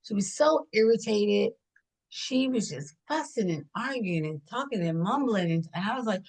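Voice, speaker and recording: A middle-aged woman from Washington D.C., a hair stylist, chatting casually in an interview and telling animated stories, laughing often and acting out the voices of the people she quotes. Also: a little high, moderate pace.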